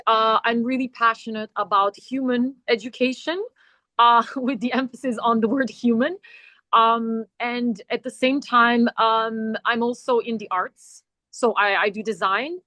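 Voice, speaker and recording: A woman's voice: fairly high pitch, sharp tone, dry recording. A woman academic introducing herself on a video call, talking in a hesitant way with many fillers and restarts. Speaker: academic guest. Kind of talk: webinar introduction. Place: traveling, quiet corner with faint music.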